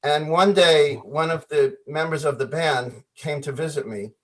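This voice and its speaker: A man telling stories as a guest on a video call interview, animated, often acting out the voices in his anecdotes and laughing. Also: fairly high pitch, measured pace. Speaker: guest musician.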